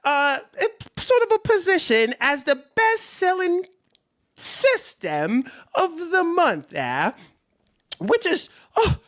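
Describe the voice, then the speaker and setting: A man doing a corny mock-British newsreader who stretches each line out slowly, his pitch swinging up and down. The accent is broad and overdone, delivered with mock-serious outrage. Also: wildly swooping pitch, a bit bright, heavily acted. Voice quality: exaggerated fake British accent. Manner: hammy, drawn-out mock-serious reading.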